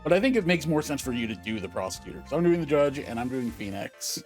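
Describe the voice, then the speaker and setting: A man's voice: medium pitch, very animated, fast talker, a little mellow, faint music behind. A man hosting a let's play, chatting casually and teasing his co-player with laughter. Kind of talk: casual chat while playing.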